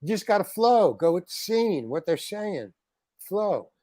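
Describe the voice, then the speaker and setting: A man, a guest actor, telling a long anecdote in a casual interview, animated and saying "man" often. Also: sits high, a little slow, no room sound. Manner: animated anecdote teller, peppers talk with "man".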